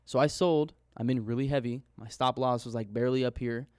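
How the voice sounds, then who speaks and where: A man's voice: mid-range voice, fairly even intonation, brisk, darkish tone, smooth, dry recording, studio quality. A young man in a casual screen-share vlog, recapping his trades in a candid, rambling way and swearing casually. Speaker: forex trader vlogger.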